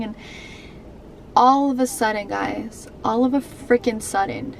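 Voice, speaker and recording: A woman's voice: mid-range voice, fairly even intonation, normal speed, vocal fry, slight background noise, poor audio. Emotional young woman vlogger telling a story. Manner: emotional, rambling, many fillers and restarts. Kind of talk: candid storytime to camera.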